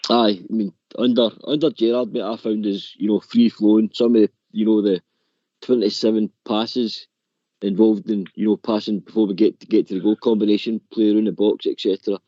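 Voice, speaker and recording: A man phoning in to a radio chat show, his voice low and mellow. He rambles along with plenty of "you know" and "mate". The line is dull and dry. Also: flat delivery, a little fast, dry recording. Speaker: radio phone-in caller. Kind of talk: casual phone-in chat.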